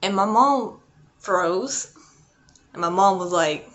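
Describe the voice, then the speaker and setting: A woman's voice: mid-range voice, unhurried, pauses often, a bit bright. A young adult woman vlogging a casual storytime, rambling and chatty with lots of "like" and "um". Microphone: not her usual mic.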